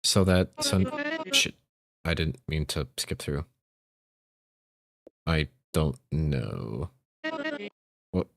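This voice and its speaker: A man's voice: very deep voice, expressive, drawn-out words, gravelly, pauses often, fairly bright tone, dry recording. A male streamer making flustered, apologetic asides while playing a game. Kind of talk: casual game commentary.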